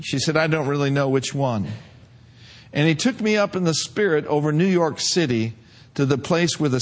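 A male pastor preaching a sermon, retelling a vision and rising to fervent shouts. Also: a little high. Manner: preacher reading a vision aloud, building to shouts.

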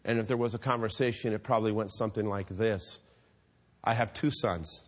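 A man preaching a storytelling sermon, animated, acting out the voices in his stories and laughing often. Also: on the low side, a little fast.

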